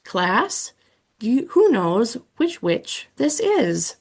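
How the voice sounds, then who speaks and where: A man in a pumpkin-skeleton costume asks riddles in a strange, high-pitched voice, as a woman puts him on. The delivery is slow and drawn out, with a gravelly edge. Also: sing-song, heavily acted. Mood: teasing.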